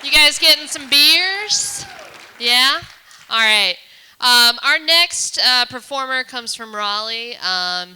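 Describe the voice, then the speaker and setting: A woman's voice: on the high side, bright, forceful tone, smooth. A woman emceeing a comedy show, introducing the next act with a hesitant, um-filled delivery. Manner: hesitant, with many ums. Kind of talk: introducing acts. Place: theater stage.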